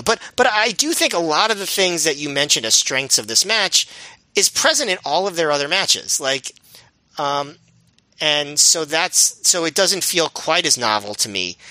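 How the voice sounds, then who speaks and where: Lively bright-voiced man with dry sound. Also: fairly high pitch, no room sound, poor audio. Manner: hesitant, lots of fillers and restarts, laughs easily. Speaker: podcast co-host. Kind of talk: casual wrestling podcast chat. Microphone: video call.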